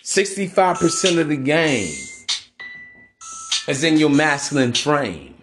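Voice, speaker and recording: A man with a slightly raised pitch delivers a blunt advice monologue as a podcast host, swearing freely and preaching his points with force. Music plays clearly beneath his voice. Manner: profane, emphatic, preachy street talk. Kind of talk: motivational dating advice monologue.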